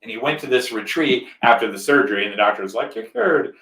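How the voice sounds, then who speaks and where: A man's voice: medium pitch, fast, bright, forceful tone, recorded from a distance. A male podcast host telling a personal story in casual conversation, rambling a bit and often checking in with "right?". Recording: roomy echo.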